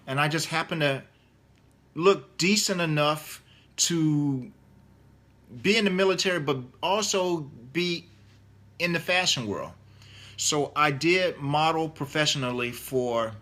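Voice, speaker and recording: Middle-aged male author, casual, rambling with fillers; bright, forceful tone. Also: fairly high pitch. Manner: rambling, many fillers and restarts. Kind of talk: casual interview answers.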